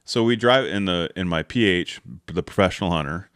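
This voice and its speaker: Deep-voiced man rambling through a story. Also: brisk, a bit bright, clean tone, no echo, studio quality. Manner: rambling, with many "like" and "right?" fillers; acts out the people in his stories. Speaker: podcast host. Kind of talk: casual hunting storytelling.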